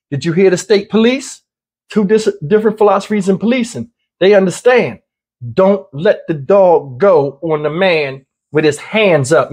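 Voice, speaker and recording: Man, high voice, husky, blunt casual commentary, repeats himself. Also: darkish tone. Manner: conversational, blunt, repeats points.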